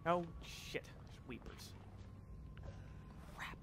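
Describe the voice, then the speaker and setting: Bright, excitable young gaming commentator man. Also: drawn-out words, a little hiss or hum. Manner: excitable and sweary, yelling when caught. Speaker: let's play commentator. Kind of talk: casual gameplay commentary.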